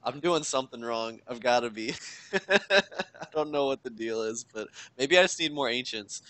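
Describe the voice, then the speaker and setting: A man's voice: medium pitch, normal speed, pushed and bright, no room sound. A man co-hosting a gaming podcast, musing aloud in casual chat and trailing off unsure. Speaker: podcast co-host.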